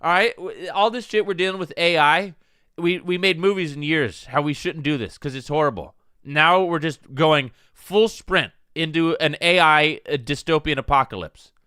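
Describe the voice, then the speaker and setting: A man hosting a casual live stream, rambling and excitable with frequent swearing. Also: on the high side, moderate pace, clear, resonant tone, no echo, clean studio sound. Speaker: streamer host.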